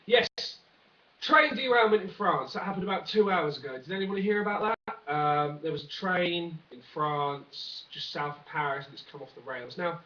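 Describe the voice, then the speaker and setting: A young man rambles through a comic news rundown with lots of ums and asides. His voice is bright and a touch high. The recording is dull and roomy, picked up from a few feet away. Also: normal speed, recorded from a distance. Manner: rambling, jokey, many fillers and asides. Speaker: vlogger. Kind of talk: one-take comedic news rant.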